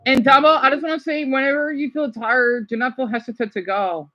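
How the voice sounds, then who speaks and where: An excitable woman from the United States hosting a casual livestream, gushing as she reacts and often apologizing. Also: high voice, brisk, muffled recording. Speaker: livestream host.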